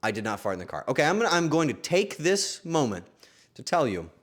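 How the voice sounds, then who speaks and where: Animated young male streamer telling a story. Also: on the high side, a little fast. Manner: animated, swearing, laughing storyteller. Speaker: streamer host. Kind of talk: casual storytelling to chat.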